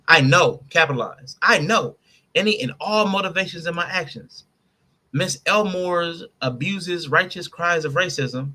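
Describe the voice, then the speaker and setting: A man's voice: fairly high pitch, sharp tone. A man hosting a podcast, breaking down a statement line by line in casual commentary. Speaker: podcast host.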